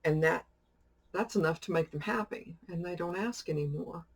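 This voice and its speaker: A woman's voice: lowish voice, moderate pace. A woman chatting casually as she shows off a shopping haul and tells a rambling story, laughing often. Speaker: witchcraft YouTuber showing a shopping haul. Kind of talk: casual chat.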